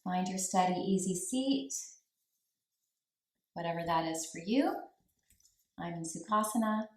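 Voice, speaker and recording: A woman leads a yoga class in a slow, unhurried voice that sits a little low. She gives calm cues for breath and posture and leaves long pauses between them. The room around her is echoey. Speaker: yoga teacher. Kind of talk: guided yoga class instruction.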